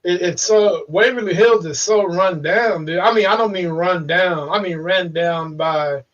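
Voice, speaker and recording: A man's voice: sits high, normal speed. Man, ghost-hunter guest, rambling casual talker, distant muffled call audio. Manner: swearing, rambling, repeats words. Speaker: paranormal investigator and podcast guest. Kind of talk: casual chat.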